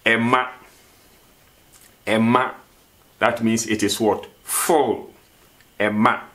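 A man's voice: lowish voice, fairly even intonation, fairly bright tone. A man teaching a vocabulary lesson, repeating each word and asking questions for the learner to answer. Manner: slow, repeats words and asks questions. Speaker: language teacher.

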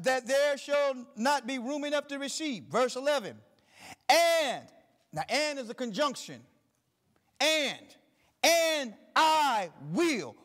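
A middle-aged male pastor preaching a sermon, reading scripture slowly and building emphasis through repetition. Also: extremely high pitch, fairly bright tone.

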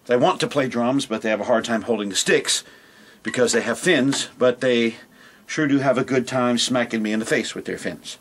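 A man's voice: mid-range voice, normal speed, fairly bright tone. A man hosting a casual drum lesson video, rambling and self-deprecating with many fillers. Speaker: drum teacher.

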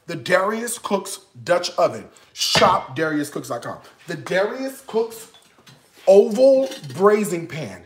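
Guy hosting a cooking livestream, super lively voice going way up and down, takes his sweet time, playful and excitable. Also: sits high. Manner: excitable, playful, swings from hushed to loud. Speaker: cooking show host. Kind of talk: live-stream cooking chat. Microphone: live-stream setup.

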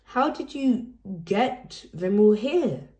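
A woman's voice: a little high, expressive, slow, warm tone. A woman voicing a friendly mother rabbit shopper who sounds polite and admiring. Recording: roomy echo.

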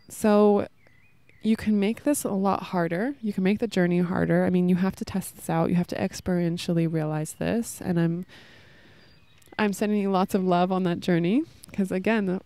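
A woman's voice: fairly low pitch, vocal fry, dark tone, no room sound. A woman in her thirties talking casually and earnestly about love and self-worth, rambling with many fillers, recorded outdoors in a park. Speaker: podcast host. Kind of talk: casual spiritual talk. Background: children playing nearby.

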